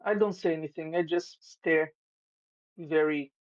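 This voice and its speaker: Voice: medium pitch, steady tone, a little slow. A tabletop player who politely describes his character's actions in third person, on a dull lo-fi mic. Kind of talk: casual tabletop role-play.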